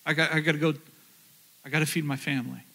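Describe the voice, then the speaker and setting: A man quoting his late father, a poor, weary rural dad, speaking softly and resigned. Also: a little high, steady tone, fast, gravelly, voice pushed down, full character voice.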